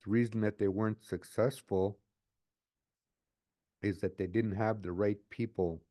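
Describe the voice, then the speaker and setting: A man's voice: lowish voice, steady tone, measured pace, mellow. A man in his late sixties talking earnestly in an interview as a community advocate, often repeating his phrases. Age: 60s. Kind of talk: reflective interview talk.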